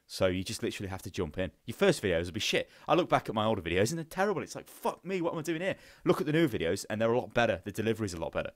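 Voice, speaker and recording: A man's voice: fairly low pitch, very animated, rapid-fire, few pauses, dry recording, clean studio sound. A young man with a headset, hosting a live Q&A in a rambling, profane, casual way. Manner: rambling and profane, with lots of fillers. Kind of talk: casual chat.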